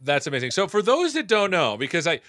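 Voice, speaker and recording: Male livestream host, playful, joking, bright tone, dry sound. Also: high-pitched, wildly swooping pitch, fast, no room sound. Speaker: show host. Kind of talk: livestream chat and hosting.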